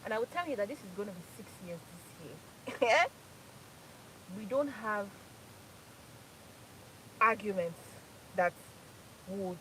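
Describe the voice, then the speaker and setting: A woman's voice: mid-range voice, animated, slow, pauses often, a bit bright, a little hiss or hum, low-quality recording. A Nigerian woman in her thirties from Port Harcourt, hosting a casual live chat, laughing often and repeating phrases for emphasis. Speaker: live stream host.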